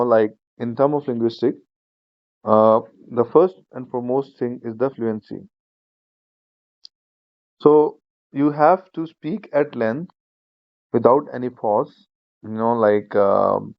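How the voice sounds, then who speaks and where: A man teaching an online speaking-skills class, explaining each point slowly and repeating himself, with plenty of fillers like "you know". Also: medium pitch, dry recording, dull audio. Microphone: shared screen video class.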